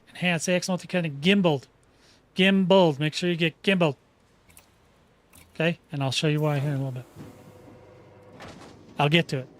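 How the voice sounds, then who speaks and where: With a fairly high voice over slight background noise, a man hosts a laid-back game tutorial for his gaming channel. He chats in a folksy way, often starting sentences over and asking "okay?".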